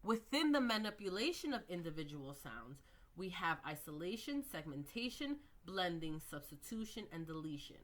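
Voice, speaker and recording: A woman teaching early reading skills, slowly modelling words and sounds with patient explanations. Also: on the low side, very animated, fairly bright tone. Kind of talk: instructional lecture.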